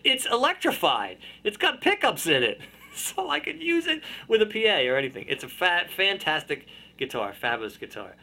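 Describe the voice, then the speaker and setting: A high, sharply bright man's voice that swings all over the place as he chats playfully to his camera. He is amused with himself and talks like a casual host, picked up by the camera's own mic. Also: huge pitch swings, normal speed, vocal fry. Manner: playful, self-amused, chatty. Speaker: video podcast host. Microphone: built-in camera mic.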